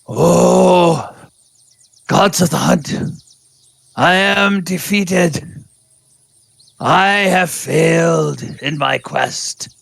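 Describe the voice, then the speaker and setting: A man's voice: on the high side, extremely slow, creaky, long pauses, a bit bright, no room sound, pitched above the performer's own voice, exaggerated voice. A man playing Bag of Nails, proud old tabaxi. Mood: defeated. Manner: lofty, formal speech. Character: proud old male tabaxi hunter, formal and grand.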